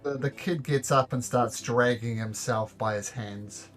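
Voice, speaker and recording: A man narrating as game master for a tabletop game, halting and full of fillers. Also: medium pitch, fairly bright tone, faint music behind.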